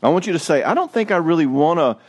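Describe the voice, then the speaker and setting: A man, a therapist giving a lively, joking talk on marriage with some self-mockery. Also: fairly high pitch, quick pace.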